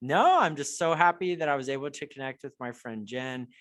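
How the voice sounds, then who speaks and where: A man's voice: medium pitch, fairly bright tone. Earnest man in a casual chat. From United States. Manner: earnest, reflective, with halting restarts. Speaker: guest.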